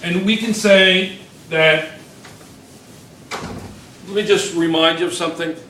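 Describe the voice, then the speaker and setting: A man's voice: sits high, steady tone, takes it slowly, pushed and bright, roomy sound, a little hiss or hum. A male chemistry teacher lecturing a classroom, firing questions at students and repeating key points.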